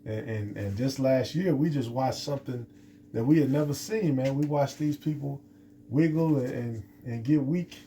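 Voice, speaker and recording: A man teaches scripture off the cuff in a deeply mellow, dark voice. He rambles, circles back and stumbles over his words with plenty of fillers. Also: moderate pace, a little hiss or hum. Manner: rambling, many restarts and fillers. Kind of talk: unscripted scripture lesson.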